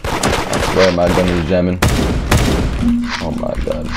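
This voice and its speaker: A man giving live gameplay commentary as a gaming streamer, excitable and trash-talking, swearing often. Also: sits low, takes it slowly, over loud music.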